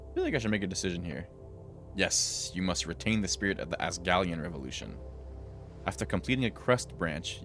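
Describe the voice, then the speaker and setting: A man's voice: deep voice, a bit bright. A man streaming a role-playing video game, reading the dialogue aloud in varied character voices and breaking in with dry remarks of his own.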